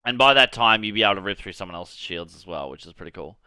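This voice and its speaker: Excitable gaming host with a bright, clear voice. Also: male voice, lowish voice, fast talker, no echo. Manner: excitable, rambling, swears casually. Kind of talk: casual commentary on a game reveal.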